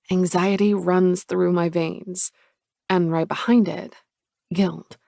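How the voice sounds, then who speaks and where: A woman narrating a romance audiobook in a measured, intimate way. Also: on the low side, creaky, no echo, studio quality.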